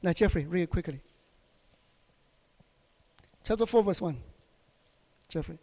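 High-voiced preacher in a reverberant hall. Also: male voice, darkish tone. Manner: asks the congregation short questions, halting with many fillers. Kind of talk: sermon.

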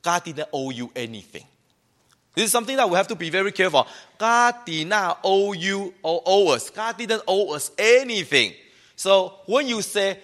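Lively, bright-voiced man preaching. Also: high voice, normal speed. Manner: animated, mimics complaining voices. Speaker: pastor. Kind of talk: sermon.

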